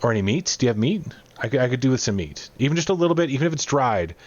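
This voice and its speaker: A man's voice: medium pitch, lively intonation, rapid-fire, dull audio, pitched above the performer's own voice, lightly acted. A man voicing a frightened woman cook in a tabletop game, anxious and eager to trade. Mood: pleading. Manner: anxious, pleading, fluttery.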